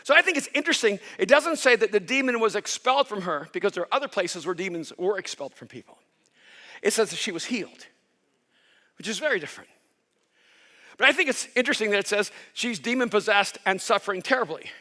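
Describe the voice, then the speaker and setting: A male pastor preaching a sermon with impassioned storytelling that rises toward near-shouts. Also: sits high, expressive, fast.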